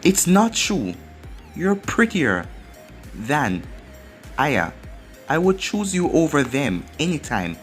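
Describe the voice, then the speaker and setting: A man's voice: fairly high pitch, sing-song, slow pace, long pauses. A man voicing a brash, loyal young male ninja leader who talks in an earnest, commanding way, over faint music.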